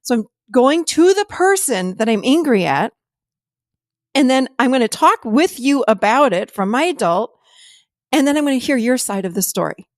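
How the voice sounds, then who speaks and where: A woman's voice: sits high, sing-song, normal speed, dry recording, clean studio sound. A woman hosting a podcast, explaining in a casual, conversational teaching way and often acting out quoted dialogue with animation. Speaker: podcast host and therapist.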